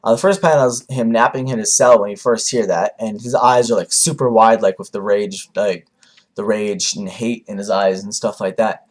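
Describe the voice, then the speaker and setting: A young man giving a casual, rambling manga review, with lots of fillers and animated asides. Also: fairly low pitch, moderate pace. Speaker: anime reviewer.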